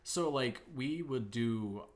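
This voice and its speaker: This is a man hosting a casual live-streamed chat. His pitch swings widely as he talks. He is animated and chatty, with plenty of fillers. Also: slow, noisy background. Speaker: podcast host, improv actor. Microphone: booth microphone.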